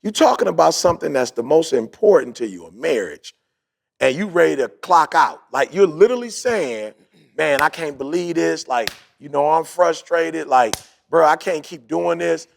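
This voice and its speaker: A man's voice: fairly high pitch, lively intonation, normal speed, gravelly. A man hosting a podcast, telling a story in a casual motivational way, acting out quotes and repeating his points. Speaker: podcast host.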